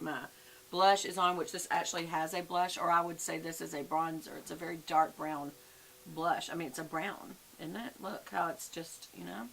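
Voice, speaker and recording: A woman's voice: fairly low pitch, gravelly, fairly bright tone, rough recording. An older woman with a Southern US accent, chatting folksy and friendly through a makeup tutorial. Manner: chatty, folksy, addresses viewers as y'all. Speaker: beauty vlogger. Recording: faint background hiss.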